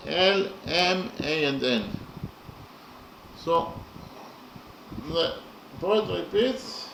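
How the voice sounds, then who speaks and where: A man giving a lesson on poetry in a slow, deliberate way, counting syllables aloud, with frequent fillers. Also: fairly high pitch, gravelly. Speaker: lecturer on poetry. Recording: echoey room with audible background noise.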